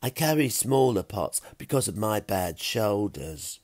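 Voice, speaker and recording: A sick, helpless man, as a man puts him on, stretching out every word with fussy, formal politeness. He speaks very slowly, and the recording is dry and close. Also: lowish voice, sing-song, a little mellow, dry recording. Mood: calm.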